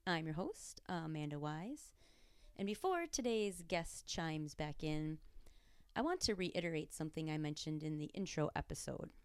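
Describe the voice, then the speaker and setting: A woman hosting a podcast, giving a scripted introduction in a clear, measured way. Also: deep voice, a little mellow, no room sound, clean studio sound. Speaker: podcast host.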